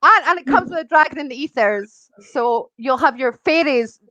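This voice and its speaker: Woman guest, fairly high voice, dry close sound, chatty storyteller who laughs and acts out quotes. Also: animated, moderate pace, sharp tone, dry recording, lo-fi sound. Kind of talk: casual chat.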